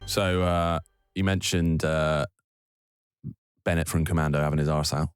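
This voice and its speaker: Man, low voice, casual podcast chat, dry close recording. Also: measured pace, clear, resonant tone, no room sound, soft background music. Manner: relaxed, chatty, laughs easily. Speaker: podcast co-host.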